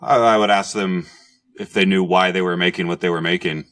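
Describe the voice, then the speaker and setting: A man's voice: deep voice, fairly even intonation, brisk, fairly bright tone. A man speaking as a guest in a casual video call chat, dry and teasing.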